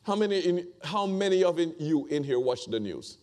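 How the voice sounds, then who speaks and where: A man's voice: a little high, very animated, normal speed, darkish tone. A man preaching a conversational sermon, repeating phrases and asking the congregation rhetorical questions.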